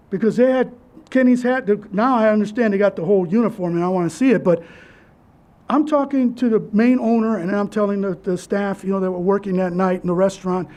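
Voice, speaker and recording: A man giving a personal memorial speech as keynote speaker, telling his story in an earnest, halting way with restarts. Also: high-pitched, warm tone, lo-fi sound.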